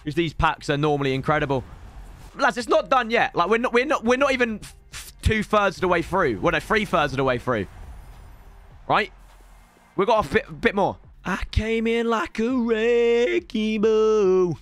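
A young man, streaming a pack opening, slightly hoarse. He talks in an excitable way, swinging between shouting and grumbling. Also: sits high, a little fast, faint music behind.

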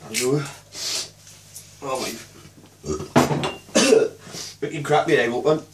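A man's voice: medium pitch, moderate pace. A young man with a Welsh accent, swearing and groaning in disgust as he mixes a foul drink in a kitchen. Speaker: vlogger doing a drinking dare. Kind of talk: casual swearing commentary. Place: kitchen indoors. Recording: distant phone audio with background noise.

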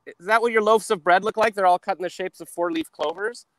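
Guy riffing on a phone call outdoors, high pitched, rambly and self-mocking. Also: quick pace, a bit bright, no room sound. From Canada. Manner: rambling, self-deprecating, lots of restarts. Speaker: guest comedian. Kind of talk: riffing comedic chat on a video call. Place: outdoors walking in a park. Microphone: phone on a video call.

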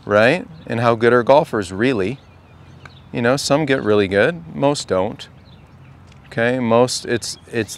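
A man's voice: on the low side, smooth. A man coaching a group at a golf clinic, talking casually and asking the group question after question. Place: outdoor golf practice range.

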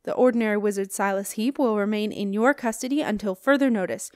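A woman's voice: medium pitch, no room sound, natural voice. Storybook part: woman playing a stern, commanding head wizard, cutting, dry sound. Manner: loud, slow, cutting.

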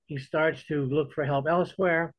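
A man's voice: a little high, fairly even intonation, normal speed, no echo. A man teaching a church Bible study in a conversational way, often repeating words as he restarts. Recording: dull lo-fi dry recording.

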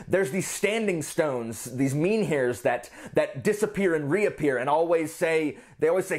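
A man giving a casual book review on his vlog, explaining in a rambling, animated way. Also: fairly high pitch, normal speed.

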